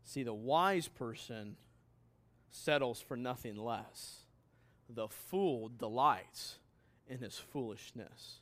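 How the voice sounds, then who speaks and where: A man's voice: mid-range voice, slow, fairly bright tone. A man preaching a sermon as pastor, emphatic and putting questions straight to his listeners.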